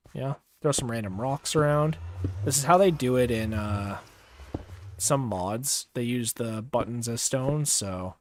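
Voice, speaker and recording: A young man talking casually as he plays a game on a livestream, relaxed and rambling with many fillers and pauses. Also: medium pitch, a little hiss or hum. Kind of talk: casual gameplay commentary.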